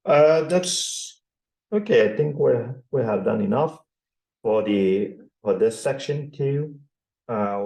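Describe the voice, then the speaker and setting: A man with a Turkish accent giving a university statistics lecture, slowly reading out numbers and repeating himself. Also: on the low side, gravelly, darkish tone. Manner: slow, repetitive, reading out numbers. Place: classroom. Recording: echoey classroom.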